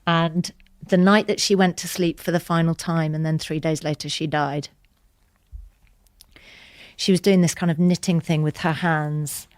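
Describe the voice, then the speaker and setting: A woman, a podcast guest telling an emotional personal story in an earnest, tender way that sometimes drops to a soft whisper. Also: low voice, fairly even intonation, unhurried, pauses often, no echo, clean studio sound.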